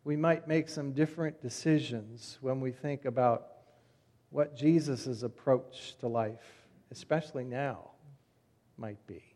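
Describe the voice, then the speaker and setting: A man preaching a sermon as pastor, telling stories conversationally, with his voice dropping soft at the ends of phrases. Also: medium pitch, a little slow. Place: church sanctuary. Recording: long reverb of a church hall.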